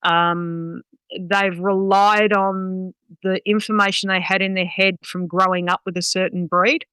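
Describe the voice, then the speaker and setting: A woman's voice: medium pitch, flat delivery, a little slow, pushed and bright, clear, resonant tone, dry recording, poor audio. A woman, a guest dog trainer talking bluntly and swearing freely in a casual podcast chat. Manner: blunt, sweary, talks with many "um"s.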